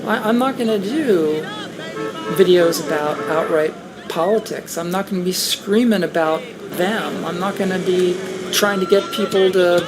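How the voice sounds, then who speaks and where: A woman's voice: on the low side, moderate pace, music in the background, rough recording. A woman in casual conversation, talking in a hesitant, rueful way with frequent restarts. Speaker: guest on a talk stream. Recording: steady background noise.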